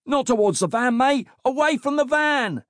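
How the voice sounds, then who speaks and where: A man voicing a police officer shouting urgently in a crisis, in an audiobook. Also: extremely high pitch, animated, normal speed, no room sound, clean studio sound, voice pushed up. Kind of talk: audiobook character voice.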